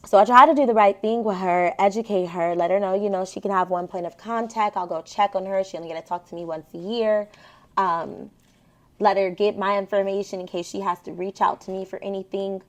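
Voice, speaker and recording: Chatty woman telling a story to viewers. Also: mid-range voice. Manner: chatty, animated, addresses viewers directly. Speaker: vlogger. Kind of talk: casual storytelling vlog.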